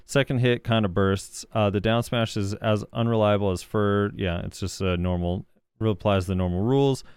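Low-voiced guy reading viewer comments on a gaming podcast, smooth tone, dry sound, lots of ums. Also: normal speed, darkish tone, no echo. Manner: casual, hesitant, many fillers. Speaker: podcast co-host.

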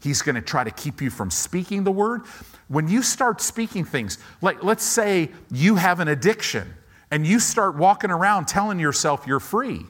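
Animated preaching man with lively pitch. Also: measured pace. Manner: animated preaching, acts out doubting voices, rising to loud commands. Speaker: pastor. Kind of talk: sermon. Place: church before a congregation.

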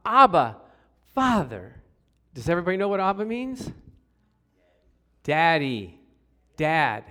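A middle-aged man delivers a sermon in a lively storytelling manner. He drops to quiet asides, then bursts into loud exclamations and calls out to the congregation for an answer. His voice sits a little higher than most men's. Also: a little slow, smooth. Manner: animated storytelling, swings from hushed to loud exclamations; asks the congregation for responses. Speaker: pastor.

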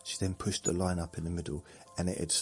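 Low gravelly man, rambling. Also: little pitch movement, a little fast, a little mellow, faint music behind. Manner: meandering, self-mocking, chuckles at himself. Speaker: podcast host. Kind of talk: rambling sleep podcast monologue.

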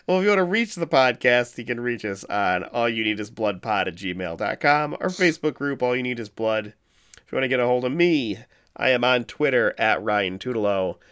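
A man's voice: medium pitch, lively intonation, a little fast, a bit bright, clear, resonant tone. A man hosting a podcast in casual chat, laughing often and swearing freely. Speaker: podcast host.

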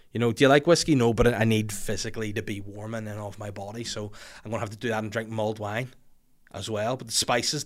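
A podcast host with a Northern Irish accent and a medium-pitched voice delivers a sweary, exasperated comedic rant, breaking into shouty outbursts.

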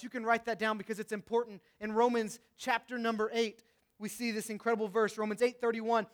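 A young male preacher with a notably high voice delivers a sermon. He builds to passionate, raised outbursts, then drops to hushed and reflective tones. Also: fairly even intonation, a little fast.

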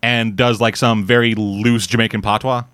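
Flat in delivery at normal speed, this Canadian man has a mid-range voice with a fairly bright, smooth tone and no room sound. As a podcast host, he casually reviews a series, rambling, swearing, and often starting over.

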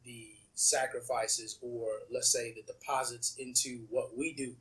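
A man co-hosting a podcast in casual chat, animated, acting out quotes as he talks. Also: mid-range voice, a little slow, poor audio. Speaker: podcast co-host.

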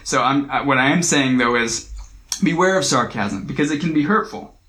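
A man's voice: mid-range voice, lively intonation, normal speed, bright, forceful tone, echoey room, a little hiss or hum, low-quality recording. A man leading a casual Bible study, talking conversationally, often repeating himself and checking in with "right?".

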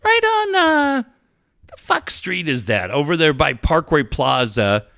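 A man's voice: on the high side, measured pace, creaky, dry recording, clean studio sound. A middle-aged man from Southern California, telling profane stories in casual chat and acting out the people in them. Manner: animated, profane, acts out voices in anecdotes.

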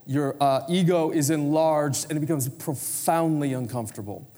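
A man's voice: a little high, moderate pace, mellow, long reverb tail. A man in his forties preaching a conversational sermon in a church, prompting the congregation to answer and turn to each other. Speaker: pastor. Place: church sanctuary.

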